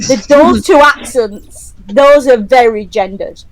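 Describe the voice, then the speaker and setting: A woman's voice: a little high, slow, a crowd in the background, poor audio. A woman from northern England with a northern English accent, jumping into a casual group discussion eagerly. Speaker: panel guest.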